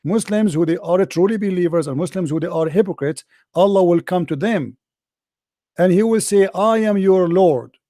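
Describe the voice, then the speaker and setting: A man's voice: high voice, moderate pace, warm tone, dry recording, clean studio sound. A man debating religion, combative and mocking, who keeps repeating himself and presses his opponent. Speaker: debate host.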